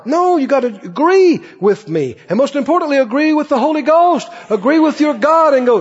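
A man's voice: very high-pitched, animated, fairly quick, few pauses, big-room sound, lo-fi sound. A male pastor preaching a sermon in a church, acting out the voices of Bible figures as he goes.

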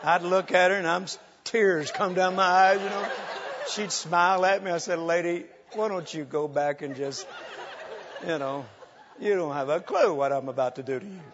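Male preacher, high and lively, spinning funny tales from the pulpit; dull sound with a long hall reverb. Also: normal speed, noisy background. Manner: animated, humorous, acts out quotes, laughs often. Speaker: preacher telling ministry stories. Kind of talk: sermon storytelling.

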